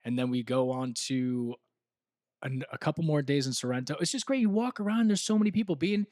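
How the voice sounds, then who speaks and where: A young American man co-hosting a podcast, telling stories in a casual, laughing, animated way. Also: medium pitch, a little fast, no room sound, clean studio sound. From United States. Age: young adult. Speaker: co-host.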